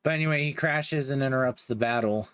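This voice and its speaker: A man's voice: medium pitch, a little fast, fairly bright tone, clear, resonant tone, no room sound, studio quality. A young man giving a casual, joking recap of a manga, with slangy asides. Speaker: manga reviewer.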